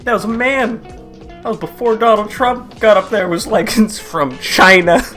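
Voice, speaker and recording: A man delivers a profane comedy rant, his voice sitting a bit high for a man. He laughs at his own jokes and bursts into loud, mocking quoted voices, with faint music playing underneath. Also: moderate pace. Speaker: comedy commentary host. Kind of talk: crude casual comedic rant.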